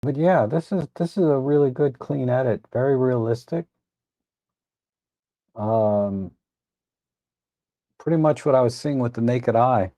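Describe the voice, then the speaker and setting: Gravelly, relaxed livestream host. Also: male voice, mid-range voice, unhurried, long pauses, dry recording. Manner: relaxed, rambling, self-correcting with frequent restarts; tired, admits yawning. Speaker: photo editing livestream host. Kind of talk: casual live commentary.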